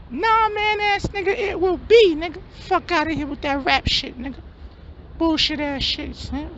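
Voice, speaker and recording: A man voicing a loud, scornful male street hustler in a comedy skit, brash and yelling. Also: very high-pitched, heavily acted. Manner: brash, yelling, swearing constantly. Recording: dull lo-fi, faint hum.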